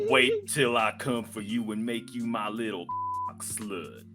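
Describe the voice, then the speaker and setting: A man's voice: on the low side, unhurried, pitched below the performer's own voice, natural voice. A man voicing a crude, leering adult inmate in a webtoon reading, drawing out his lines.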